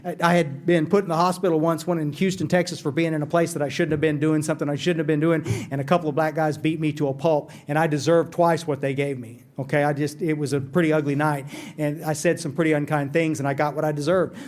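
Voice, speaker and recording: A man telling his recovery story to a meeting, earnest and animated, often repeating words as he goes. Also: on the high side, fast.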